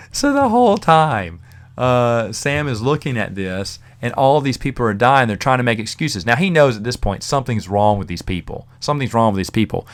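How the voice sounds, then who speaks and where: A man hosting a podcast, casually reviewing a novel in a rambling, chatty way with fillers and the odd chuckle. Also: medium pitch. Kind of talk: casual spoken book review.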